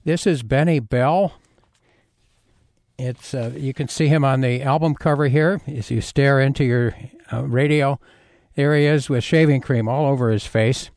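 A man hosting a college radio show, talking casually from a studio mic, rambling with frequent pauses and restarts. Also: medium pitch, darkish tone, no echo.

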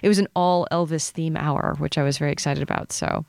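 A woman's voice: sits low, steady tone, a little fast, creaky, no room sound. A woman in her forties, a guest writer chatting in a radio studio, laughing often and poking fun at herself. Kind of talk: radio interview chat.

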